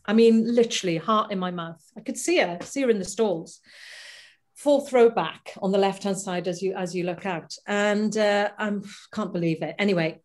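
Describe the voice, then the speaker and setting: A middle-aged woman, a stage performer, telling lively anecdotes in a casual interview over a video call. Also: mid-range voice, moderate pace. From Wales. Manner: animated, laughing anecdotes with acted-out quotes. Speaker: guest performer.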